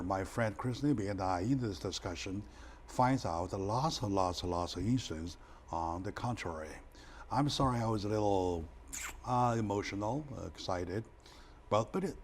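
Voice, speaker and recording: A man hosting a discussion show, telling stories with emotional, excitable bursts and repeating words for emphasis. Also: a little hiss or hum. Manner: animated, emotional retelling with sudden loud raised pitch; non-native phrasing, repeats words for emphasis. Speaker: talk show host.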